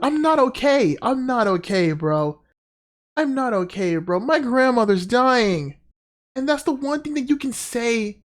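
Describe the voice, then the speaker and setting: A man giving animated, profane reaction commentary on a video. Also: sits high. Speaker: reaction streamer.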